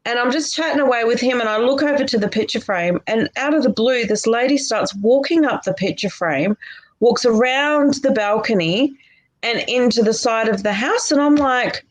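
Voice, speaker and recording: A woman's voice: on the high side, moderate pace, low-quality recording. Chatty woman rambling through a story. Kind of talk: casual chat.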